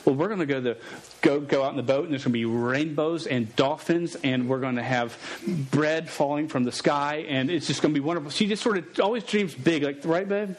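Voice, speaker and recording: A man's voice: on the high side, fairly quick. Joking, stammering man preaching a story. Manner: stammering, joking and animated, often restarting words. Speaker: pastor. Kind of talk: sermon with a storytelling aside.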